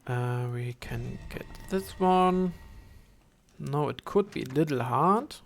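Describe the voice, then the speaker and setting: A man's voice: on the high side, animated, creaky, slight background noise. Rambling young man streaming a game. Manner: rambling, halting, many fillers and restarts, swears. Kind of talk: casual gameplay commentary.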